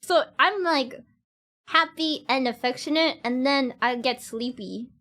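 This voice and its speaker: A woman's voice: sits high, a little slow, bright, forceful tone. A woman streamer chatting casually with her viewers, giggling and laughing often, with loose, slightly non-standard grammar.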